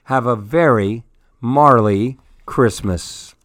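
Slow, expressive storytelling man. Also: medium pitch, no echo. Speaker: radio story-hour host. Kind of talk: reading a children's story aloud.

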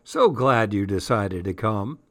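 A man's voice: on the low side, expressive, unhurried, a bit bright, dry recording. A man voicing a playful, teasing father in a storybook reading. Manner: teasing, sly. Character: playful father planning a scare.

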